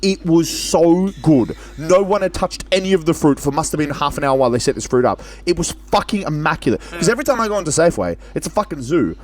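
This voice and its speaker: Animated man ranting casually. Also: a little high, fast talker, few pauses. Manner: animated, swearing, playful rants. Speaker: podcast co-host. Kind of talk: casual chat.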